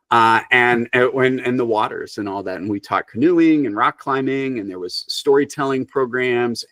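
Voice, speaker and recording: A middle-aged man, a storyteller and author, chatting as a guest in a rambling, animated way. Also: fairly low pitch, dry recording. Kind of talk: casual interview chat.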